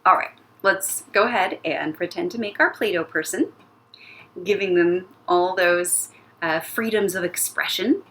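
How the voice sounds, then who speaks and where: A woman teaching an elementary music class, guiding young children through a playful warm-up with sing-song sound effects. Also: lowish voice, unhurried. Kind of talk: recorded lesson for young children.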